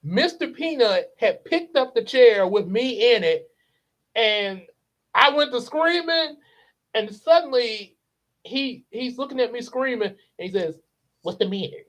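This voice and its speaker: A man's voice: very high-pitched, animated, unhurried, a bit bright. A man hosting his channel, telling a casual, rambling story, laughing often and slipping into character voices. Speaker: channel host.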